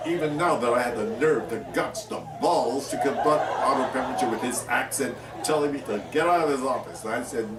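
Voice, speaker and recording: A man's voice: medium pitch, a little fast, few pauses. Older guy spinning showbiz tales, roomy echo, kinda far from the mic, faint room hum. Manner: animated anecdote-telling, laughing as he tells. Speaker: interviewee, actor. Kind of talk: storytelling in an interview. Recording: echoey room, mic at a distance, faint ambience.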